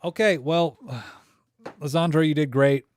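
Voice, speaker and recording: A man's voice: on the high side, steady tone, unhurried, clean tone. A man hosting a live stream, critiquing viewer photos in joking, rambling chat full of fillers. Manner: joking, rambling, thinks aloud with many fillers.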